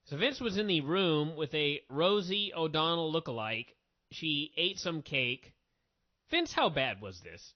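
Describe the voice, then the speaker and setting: A man hosting a wrestling review podcast, talking in an opinionated, animated way with quick asides. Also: on the high side. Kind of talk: casual review chat. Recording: dull lo-fi audio.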